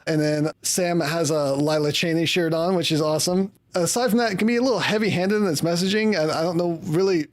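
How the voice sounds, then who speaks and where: A man's voice: on the high side, a little fast, hardly any pauses. A man co-hosting a casual podcast, rambling through his thoughts and chuckling often as he chats with friends. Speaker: podcast co-host. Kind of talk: casual chat about comics.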